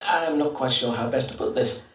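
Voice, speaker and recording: An actor voicing an Elizabethan astrologer-doctor who speaks in measured, formal old-fashioned phrases with hesitant fillers, in a game. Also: male voice, mid-range voice, a little hiss or hum, lightly acted. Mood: awkward. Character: Elizabethan astrologer-doctor, pompous yet awkward. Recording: distant roomy game audio.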